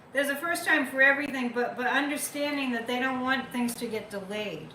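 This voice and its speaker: A woman's voice: sits high, normal speed, bright, forceful tone, roomy sound, a little hiss or hum, rough recording. A woman hosting a psychic livestream, chatting casually, reading viewer comments and repeating phrases for emphasis.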